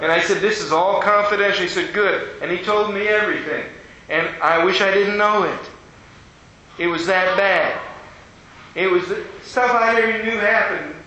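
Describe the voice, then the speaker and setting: Folksy preacher in an echoey hall. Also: male voice, sits high, normal speed, pushed and bright. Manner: folksy, storytelling, acts out quoted voices. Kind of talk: sermon with storytelling. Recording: dull, echoey hall with faint ambience.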